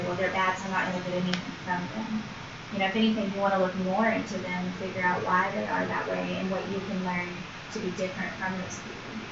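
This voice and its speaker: Fast-talking female student, echoey room. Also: medium pitch, gravelly. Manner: quick, emphatic, rising in volume to make a point. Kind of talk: classroom discussion. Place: classroom. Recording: echoey lo-fi classroom recording with noise.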